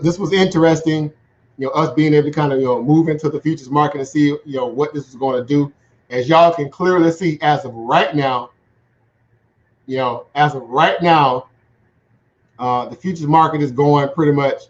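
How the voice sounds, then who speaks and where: A man giving casual livestream commentary on the markets in a chatty way, laughing often and checking in with "right?". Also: a little high. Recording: dull lo-fi sound.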